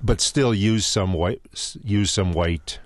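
Man, baking instructor, lowish voice, explanatory, dry studio mic. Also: takes it slowly, no room sound. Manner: knowledgeable, explanatory, hesitant restarts. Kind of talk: explaining on a radio call-in. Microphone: studio microphone.

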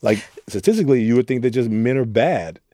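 A man's voice: medium pitch, lively intonation, a little fast, dark tone, no room sound, studio quality. A young man from Oakland, a youth mentor, speaking candidly and reflectively in an interview. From Oakland, California. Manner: earnest, reflective storytelling with quoted asides.

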